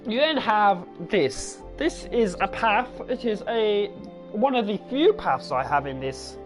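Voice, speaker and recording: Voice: medium pitch, big pitch swings, unhurried, faint music behind. A gaming channel host, giving a casual, rambling tour of a game world, correcting themselves and repeating the same praise.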